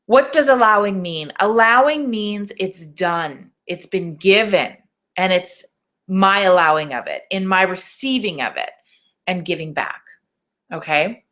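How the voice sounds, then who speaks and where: A woman's voice: fairly low pitch, a little slow, a bit bright. Motivational woman coach teaching a webinar. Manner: coaching and motivational, rhetorical questions, tags many lines with okay. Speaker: business coach. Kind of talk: live webinar training.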